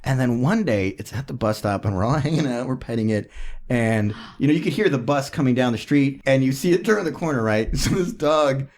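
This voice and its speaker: A man guesting on a podcast, chatting casually about the past. His delivery is halting and peppered with fillers, laughter and cursing, in a voice of ordinary middle pitch. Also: lively intonation, a little mellow. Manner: laughs often, swears freely, many filler uhs. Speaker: musician guest. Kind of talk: casual storytelling chat.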